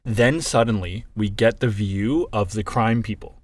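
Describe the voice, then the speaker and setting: A man co-hosting a casual podcast chat, animated and swearing freely as he acts out movie scenes. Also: fairly low pitch, unhurried. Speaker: podcast co-host.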